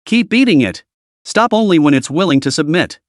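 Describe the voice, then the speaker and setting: A man's voice: a little high, lively intonation, fairly quick, dry recording, clean studio sound, lightly acted. A man voicing a young male beast tamer who gives cold, indifferent commands.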